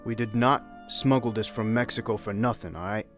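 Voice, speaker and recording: A man putting on the voice of a tough, menacing male mafia enforcer in a lowered, gruff tone. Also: fairly quick, soft background music, lightly acted. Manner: threatening, gruff.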